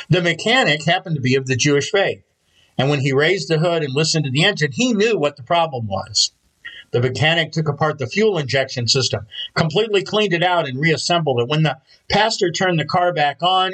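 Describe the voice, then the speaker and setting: Man, pastor, sermon, storytelling delivery, husky tone, slightly high voice. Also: fairly bright tone, rough recording. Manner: measured storytelling preacher.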